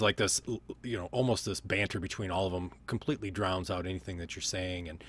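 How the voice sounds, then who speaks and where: A man narrating as game master of a tabletop game, relaxed and rambling with many fillers. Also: deep voice, fast, hardly any pauses.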